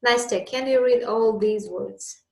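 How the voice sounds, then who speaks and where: A woman's voice: on the high side, unhurried, vocal fry, roomy sound, rough recording. A woman teaching an English lesson, patiently explaining with examples.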